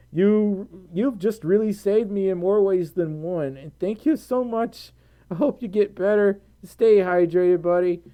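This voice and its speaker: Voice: mid-range voice, muffled recording. A tired American streamer chatting casually on a live stream, giggling and rambling while reading out viewer donations. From United States.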